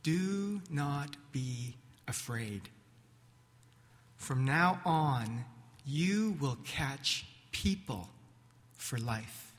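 A man speaking as a gentle, solemn teacher. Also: high-pitched, very animated, exaggerated voice. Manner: slow, measured, solemn. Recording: echoey hall reverb.

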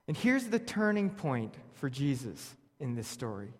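A man's voice: medium pitch, sing-song, a little slow, hardly any pauses. A man preaching a sermon, telling a scripture story with wry humor and reading verses aloud. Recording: long reverb of a large hall.

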